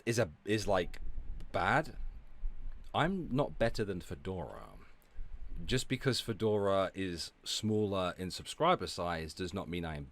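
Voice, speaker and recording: A man streaming, ranting and talking back to his chat, sweary and sarcastic. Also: sits low. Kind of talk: ranting livestream commentary.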